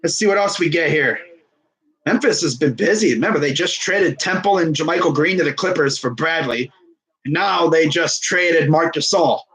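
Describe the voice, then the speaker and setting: A young man casually commenting on a live sports stream, excitable and rambling. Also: fairly high pitch, moderate pace, poor audio. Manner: excitable, rambling, laughs often.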